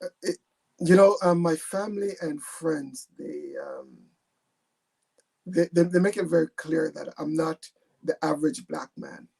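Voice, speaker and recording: Husky gravelly man, hesitant storyteller. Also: on the high side, measured pace. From born in England, raised in Jamaica. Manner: hesitant, repeats words, relaxed storytelling. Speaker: guest, retired army captain. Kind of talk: video call interview.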